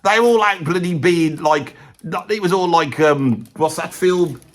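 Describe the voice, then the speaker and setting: A rambling, opinionated middle-aged bloke with a thick Birmingham accent, as a man puts him on. He talks in a fairly high voice, sprinkles mild swearing into every sentence and keeps sinking into hushed, gossipy asides. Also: a little slow, natural voice. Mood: rambling gossip. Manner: rambling, says "bloody" constantly, drops into hushed conspiratorial asides. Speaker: comic presenter. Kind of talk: comedic character monologue.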